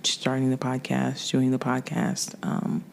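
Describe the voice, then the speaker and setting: A woman's voice: rumbling low, monotone, unhurried, gravelly, a little hiss or hum. A woman hosting a faith podcast, thanking her guest and getting emotional. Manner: warm, emotional, grateful. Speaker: podcast host. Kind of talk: casual faith podcast chat.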